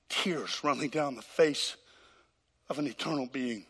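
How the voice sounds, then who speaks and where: A pastor preaches a dramatic sermon, recorded live in a church with hall reverb. His mid-range voice is unhurried, a bit bright and slightly rough, and he acts out conversations with God.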